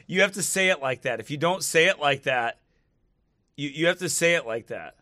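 Bright-voiced, mocking male commentator. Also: fairly high pitch, animated, moderate pace, no echo, studio quality. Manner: mocking, laughs often between remarks; preachy when turning serious. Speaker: online video commentator. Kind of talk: casual commentary to camera.

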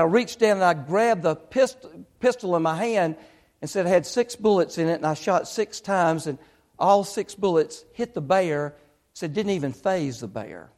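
A man's voice: high-pitched, moderate pace, darkish tone. A man preaching, retelling a story with lots of quoted speech in an earnest, building way. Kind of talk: sermon storytelling.

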